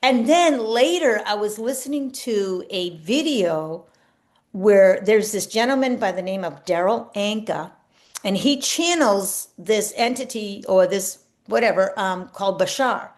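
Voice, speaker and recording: A woman spiritual coach talking casually to camera in an earnest, reflective way, sometimes slipping into soft spoken affirmations. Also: medium pitch, expressive, unhurried.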